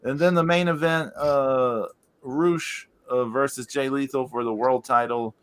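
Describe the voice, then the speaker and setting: Male podcast co-host, mid-pitch, rambling and filler-heavy, easily amused. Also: steady tone, a little slow, smooth. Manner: amused, laughs while recounting. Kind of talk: casual chat.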